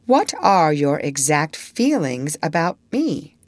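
A prim young girl playing mother, formal and proper in every phrase, read by a woman narrating a storybook. Her low voice swings lively through its pitch, recorded close and dry. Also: takes it slowly, no room sound. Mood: prim, motherly.

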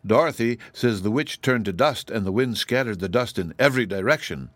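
A man's voice: medium pitch, expressive, fairly quick, fairly bright tone, no echo. A man voicing a cheerful male scarecrow stuffed with straw in an audiobook, speaking in a positive, eager way. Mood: corrective. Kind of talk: audiobook character reading.

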